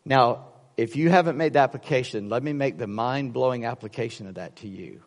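Animated preacher in a reverberant hall. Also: male voice, medium pitch, a little fast. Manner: storytelling, animated, acts out voices in jokes. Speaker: pastor. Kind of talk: sermon.

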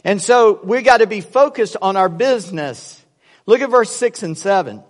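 A pastor with a high voice preaches at a moderate pace, telling lively stories and acting out voices in his jokes. The recording has long hall reverb.

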